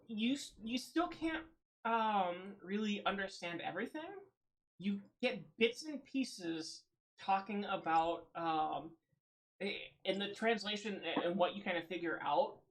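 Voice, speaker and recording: A woman's voice: medium pitch, animated, unhurried. A woman narrating as game master of a tabletop roleplaying game, hesitant with many ums and frequent laughter.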